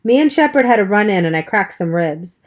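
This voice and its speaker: A woman's voice: mid-range voice, lively intonation, a little fast, natural voice. A woman doing a brash teenage tough guy. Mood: offhand. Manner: brash, offhand. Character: tough cocky teenage boy hood, gruff.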